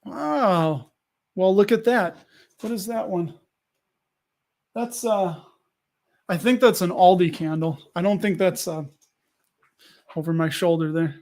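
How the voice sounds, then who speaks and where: Casual stream host, man with a high voice, loose and rambling, talks back to his chat. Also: slow, pauses often, darkish tone. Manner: rambling, restarts sentences, answers viewers.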